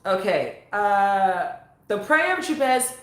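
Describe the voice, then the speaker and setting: A woman chatting casually with viewers on her phone, animated and talkative. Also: medium pitch, slow. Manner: animated, chatty, bursts into sung vocal runs. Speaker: vlogger. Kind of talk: casual live chat to viewers. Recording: echoey room on a phone.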